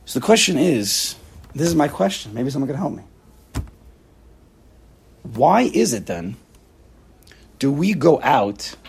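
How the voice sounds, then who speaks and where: Gravelly man teaching a lively Torah class. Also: a little high. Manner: animated, rhetorical, sprinkles Hebrew and Yiddish terms. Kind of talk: informal Torah class with group discussion.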